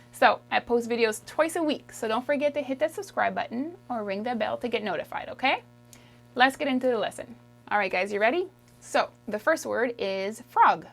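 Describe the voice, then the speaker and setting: A woman from Quebec teaching French, who says each word slowly and repeats it for the learner. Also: on the high side. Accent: Québécois French. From Quebec, Canada. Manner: patient, drills words slowly and repeats them. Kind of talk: video language lesson.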